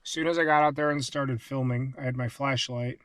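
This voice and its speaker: A man's voice: medium pitch, steady tone, a little fast, no room sound. A man filming a casual camping vlog, talking loosely with lots of fillers, outdoors and then from his truck. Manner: rambling, frequent fillers, grows hushed and frightened. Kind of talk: casual vlog talk to camera. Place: outdoors in wooded lot, later inside truck.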